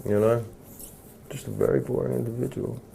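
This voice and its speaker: A man with an English accent, an actor answering interview questions in a slow, measured, dry and teasing way. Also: mid-range voice, steady tone, gravelly, warm tone, breathy edge.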